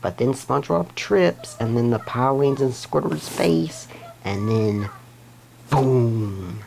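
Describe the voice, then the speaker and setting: A man's voice: mid-range voice, expressive, slow, creaky, darkish tone, slight background noise, low-quality recording. A man on his own video channel, recapping cartoon episodes in a rambling, unscripted way, restarting sentences and giggling. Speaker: YouTube episode reviewer.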